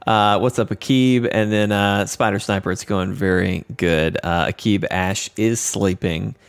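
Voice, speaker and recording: A man's voice: on the low side, fairly even intonation, measured pace, clean tone, dry recording. A man hosting a casual gaming livestream, upbeat and joking as he reads the chat aloud. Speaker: stream host.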